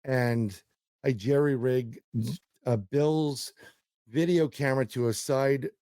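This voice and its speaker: A man's voice: mid-range voice, slow pace, mellow, smooth, dry recording. A man, a paranormal investigator, telling a story as a guest in a casual interview; he rambles, repeats words and acts out quotes.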